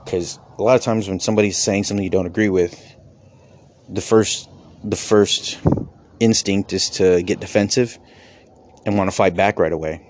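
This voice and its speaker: A man's voice: sits low, fairly even intonation, moderate pace, long pauses, a little mellow, slight background noise. A man who does stand-up and podcasts, a father himself, talking in a rambling, candid way, with casual swearing. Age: adult with children. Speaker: comedian and podcaster. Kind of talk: casual personal reflection.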